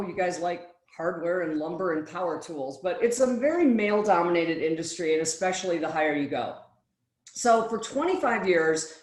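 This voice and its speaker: A woman giving a keynote-style presentation, telling a story lively and acting out the dialogue she quotes. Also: fairly low pitch. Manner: animated storyteller who acts out quoted dialogue. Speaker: speaker. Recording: roomy echo.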